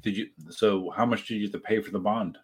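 Man, livestream host, low husky voice, chatty, reads chat comments and answers them. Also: fairly even intonation, quick pace, darkish tone. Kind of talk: casual livestream chat reading viewer comments. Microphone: desk setup while live streaming.

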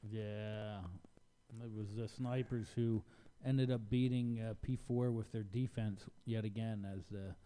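A man's voice: lowish voice, steady tone, measured pace, warm tone, clear, resonant tone. A man co-hosting a casual podcast, blunt and profane in his banter. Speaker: podcast co-host. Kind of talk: casual chat.

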